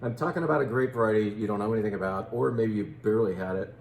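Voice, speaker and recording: A man in his fifties hosts a relaxed wine tasting in a lowish voice, chatty and quick with playful asides on pronunciation. The sound is roomy and echoey, with a faint hum of noise underneath. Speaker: wine shop host. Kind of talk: casual wine tasting talk.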